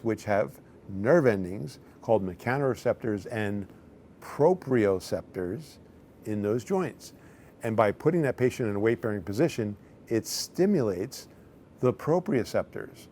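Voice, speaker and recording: Man, middle-aged, chiropractor, conversational storytelling, low pitch, faint background rumble. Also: darkish tone. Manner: conversational, acts out patients' lines in quotes. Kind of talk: storytelling talk to camera.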